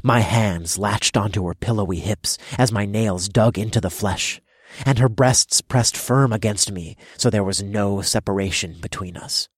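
A man narrating a first-person erotic story in low, measured storytelling. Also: slightly rough, dry recording, studio quality.

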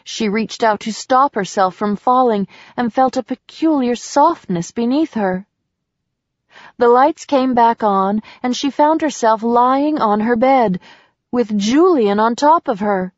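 Slow, soft-spoken woman narrator. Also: fairly high pitch, no room sound. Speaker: audiobook narrator. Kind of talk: scripted narration of a romance novel. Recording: slightly dull dry recording.

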